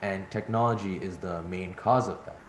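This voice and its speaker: A man's voice: low-pitched, moderate pace. A man moderating an online event, responding to a speaker in a rambling way with restarts and fillers. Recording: echoey room with faint hum.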